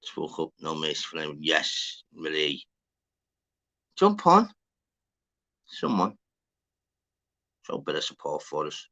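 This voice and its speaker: A man's voice: very deep voice, huge pitch swings, slow pace, pauses often, bright, forceful tone. A man hosting a casual livestream, rambling, swearing and greeting viewers by name. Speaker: livestream host. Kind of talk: casual live chat.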